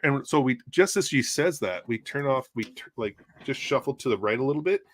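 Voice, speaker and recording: A man's voice: medium pitch, fairly quick, few pauses, a bit bright, no room sound. A man casually telling a story from a call he worked, acting out voices and laughing often. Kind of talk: casual storytelling among friends. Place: home art studio, on a livestream.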